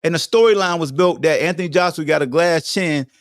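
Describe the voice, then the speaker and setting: A man's voice: a little high, a little fast, dry recording, studio quality. A man hosting a podcast, delivering a heated, blunt sports rant full of slang and profanity. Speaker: podcast host.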